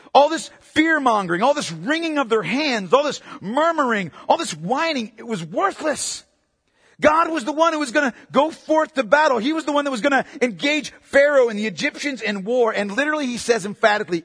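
A man preaching a sermon in an emphatic way, swinging from loud to quiet. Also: very high voice, animated, a little fast, slightly rough, long reverb tail. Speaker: pastor.

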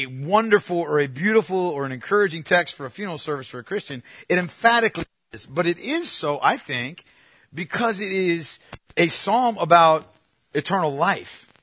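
A man preaching a sermon as a pastor, talking conversationally with animated storytelling and frequent restarts. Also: high-pitched, normal speed, dry recording.

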